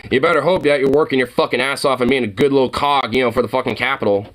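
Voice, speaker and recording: A fast-talking male vlogger with a medium-pitched, fairly even, slightly bright voice rants heatedly at the camera. He swears constantly, wanders off track, and fills pauses with "you know" and "like."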